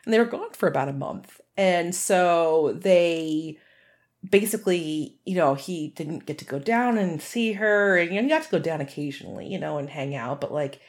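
A woman's voice: on the low side, lively intonation, normal speed. A woman chatting casually on a podcast, telling a story, laughing often and swearing freely.

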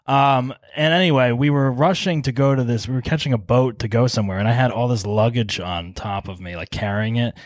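A man's voice: mid-range voice, fairly quick, few pauses, dry recording, clean studio sound. Forty-year-old man hosting a comedy podcast. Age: 40s. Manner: joking, self-deprecating storyteller. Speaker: podcast host. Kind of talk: casual comedy podcast chat.

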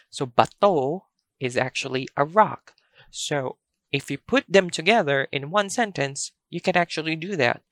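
A woman teaching a language lesson, speaking slowly and carefully and repeating each word for practice. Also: sits low, lively intonation, dry recording, clean studio sound.

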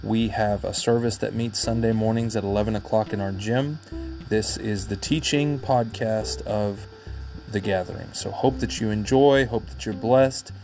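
Low-voiced man hosting a podcast intro. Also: steady tone, normal speed, a little mellow, soft background music. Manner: friendly, welcoming. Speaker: podcast host.

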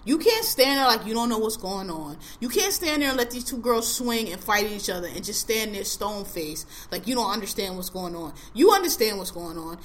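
A woman's voice: medium pitch, sing-song, a little fast, few pauses, slight background noise. A woman in her forties hosting a podcast, ranting bluntly and with heavy profanity in casual chat. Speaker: podcast host.

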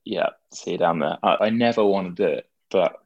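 Deep gravelly young man, rambling chat. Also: fairly quick, no echo, dull audio. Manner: rambling, many fillers and restarts. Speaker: guest. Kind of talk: casual interview chat.

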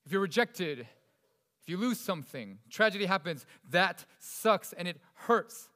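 Pastor guy preaching, fairly high voice, goes loud then real quiet, big echoey hall. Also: expressive, a little slow. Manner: swings between loud emphasis and hushed, soft delivery. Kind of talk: sermon.

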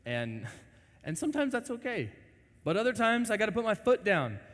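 A man in his twenties preaching a lively, joking sermon to a congregation, often acting out quoted voices. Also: high-pitched, moderate pace. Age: 20s. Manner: animated, jokey, acts out quoted voices. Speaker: pastor. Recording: long reverb of a large hall.

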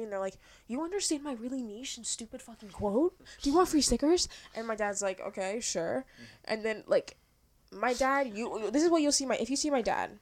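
A young woman talking fast and animatedly in a casual podcast chat, swearing often. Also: mid-range voice. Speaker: podcast co-host.

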